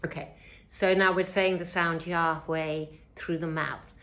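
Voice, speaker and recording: Gentle woman teaching a breathing lesson. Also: on the low side, little pitch movement, a little hiss or hum. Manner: gentle, unhurried, with frequent fillers. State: slightly sore throat. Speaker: yoga teacher.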